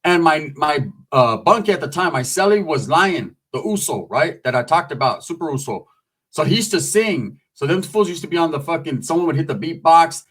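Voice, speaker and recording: A man's voice: on the high side, expressive, moderate pace, fairly bright tone, breathy edge. A man telling prison stories in a casual, rambling way, full of slang and swearing. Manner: loose street slang, swearing, rambling asides. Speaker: storyteller recounting prison life. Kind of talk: casual storytelling. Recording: voice a bit far from the mic.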